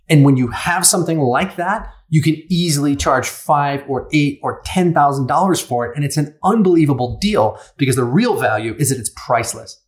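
Man, business coach, emphatic, rhetorical questions, fairly high voice. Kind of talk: casual coaching talk.

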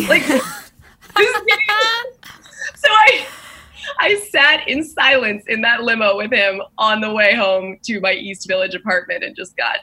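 A woman's voice: fairly high pitch, expressive, normal speed, bright, forceful tone, breathy edge. A young woman in casual chat, animatedly telling a dating story and acting out the quotes.

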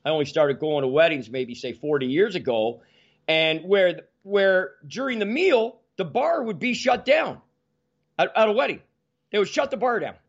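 A man's voice: high voice, expressive, moderate pace, vocal fry, muffled recording. A man in his forties from Ontario, a guest telling rambling, self-mocking stories in casual chat. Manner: rambling, self-mocking anecdotes with frequent restarts.

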